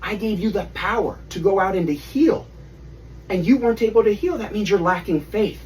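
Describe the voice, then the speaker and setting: A man's voice: sits high, brisk, slight background noise, pitched above the performer's own voice, lightly acted. A man voicing an exasperated male teacher who scolds his followers, with a raised, incredulous manner. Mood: scolding. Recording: distant mic, faint room ambience.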